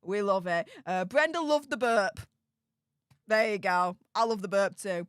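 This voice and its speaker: A woman, reading and reacting to live chat, chatty and exclamatory, quick to laugh. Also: medium pitch, clear, resonant tone, no room sound. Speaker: livestream commentator.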